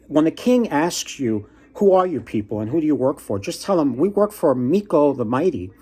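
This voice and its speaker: A man's voice: on the high side, big pitch swings, moderate pace, dark tone, husky, pitched above the performer's own voice. A man voicing a crafty, helpful male fox in a folktale he is retelling, speaking in a breezy, reassuring way. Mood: scheming, reassuring.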